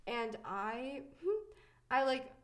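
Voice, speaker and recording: A woman's voice: high voice, very animated, very slow, fairly bright tone. A young woman hosting a podcast, telling personal stories in casual chat, chatty and giggly with many fillers. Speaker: podcast host.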